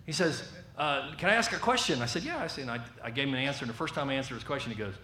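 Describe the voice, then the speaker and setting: A man's voice: mid-range voice, very fast. Southern guy preaching, tells it like a story and acts out voices, echoey room w a bit of hiss. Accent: Southern American. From American South. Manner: animated storyteller acting out quoted voices. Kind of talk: storytelling sermon.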